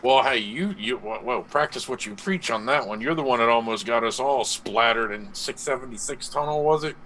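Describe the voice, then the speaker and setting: A man's voice: mid-range voice, moderate pace, pushed and bright. A man joking dryly and needling a friend on a live stream. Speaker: guest on a live-stream talk show. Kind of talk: casual teasing banter. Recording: noisy live-stream audio.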